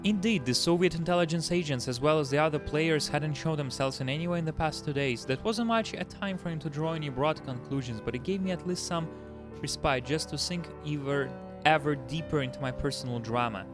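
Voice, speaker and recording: A man's voice: on the high side, brisk, music in the background. A man playing a game, reading its story aloud with his own comments. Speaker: let's play host reading a visual novel aloud.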